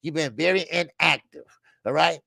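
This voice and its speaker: A man hosts a live boxing stream, talking to his chat in a blunt, repetitive, animated way and swearing often. His voice is on the high side with vocal fry, at normal speed, with no echo.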